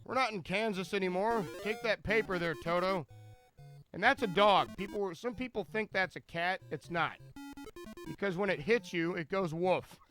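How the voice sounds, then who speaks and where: A man commentating his own speedrun on a live stream, rambling from joke to joke and tripping over his words as he restarts phrases. His voice sits high for a man and sounds bright and sharp, with faint music underneath. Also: moderate pace. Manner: rambling, jokey, stammering restarts.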